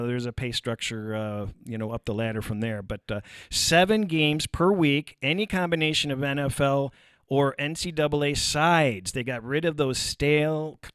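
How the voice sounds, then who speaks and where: A man explaining betting contest rules on a sports talk show, halting with many fillers. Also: medium pitch, no room sound, clean studio sound. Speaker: sports betting guest analyst. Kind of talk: sports talk radio chat.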